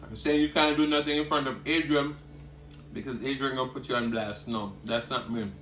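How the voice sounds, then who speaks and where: A man's voice: mid-range voice, steady tone, fairly quick, roomy sound. A man, talking casually to viewers while eating and humming over his food. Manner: eating with loud savoring hums between remarks; chatty, talking straight to viewers. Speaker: cooking vlogger. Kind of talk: casual mukbang chat.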